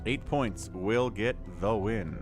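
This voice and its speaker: A man's voice: fairly low pitch, slow pace. A man hosting a live game stream, chatting with viewers in an upbeat, chatty way and thanking them by name. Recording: music playing behind.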